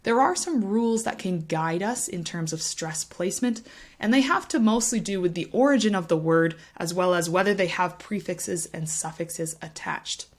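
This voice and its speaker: A woman teaching English pronunciation to camera, speaking clearly and patiently and tapping out rhythms to demonstrate. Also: lowish voice, moderate pace. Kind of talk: explaining a language lesson to camera.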